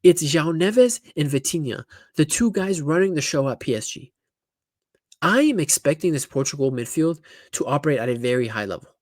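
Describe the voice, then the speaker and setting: A man's voice: fairly high pitch, lively intonation, a little fast, dry recording, clean studio sound. A man giving casual, opinionated football analysis, talking bluntly with lots of restarts and asides. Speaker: football pundit YouTuber.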